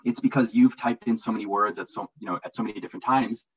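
Husky low-voiced man on a dull line. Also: fast talker. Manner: enthusiastic, repeats words when excited. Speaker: interview guest, marketing analyst. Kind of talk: casual interview answers.

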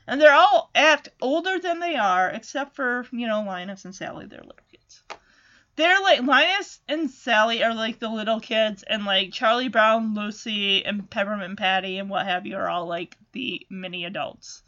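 A woman casually recapping a cartoon in an animated, chatty way. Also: a little high, normal speed, lo-fi sound. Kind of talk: casual chat.

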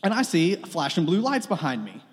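A man's voice: fairly high pitch, wildly swooping pitch, moderate pace. A young man preaching a sermon, telling a funny personal story in a casual, joking way with lots of fillers. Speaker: pastor. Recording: long reverb of a hall.

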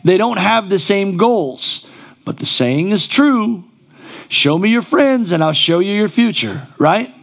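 A man's voice: high-pitched, animated, a little slow, vocal fry, fairly bright tone. A male pastor preaching a sermon in a church, conversational and then rising to emphatic exclamations.

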